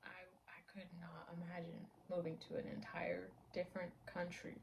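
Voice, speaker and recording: A woman's voice: lowish voice, completely flat delivery, normal speed, gravelly, slight background noise, rough recording. A woman in her twenties chatting casually to camera at home, rambling, laughing often and dropping into half-whispers. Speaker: vlogger.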